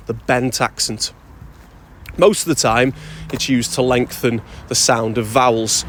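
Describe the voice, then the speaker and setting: A man's voice: medium pitch, background noise. A man from Flintshire with a North-east Welsh accent, chatting wryly and a little sweary about Welsh accent marks. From Flintshire, North Wales. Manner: wry, chatty, mildly sweary. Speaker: Welsh language creator. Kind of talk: casual talking-head explainer.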